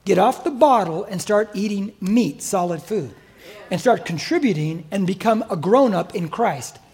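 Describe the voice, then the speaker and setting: Preaching in church, this older American pastor is emphatic and exhorting, imitating the excuses his listeners make. He speaks at a normal speed in a high, animated voice that is a little mellow and husky.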